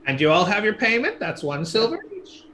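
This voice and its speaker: A man voicing a sly, creaky old woman who runs a barge ferry, in a high, cracking old lady voice. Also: huge pitch swings, a little fast, pushed and bright, full character voice. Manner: sly, teasing.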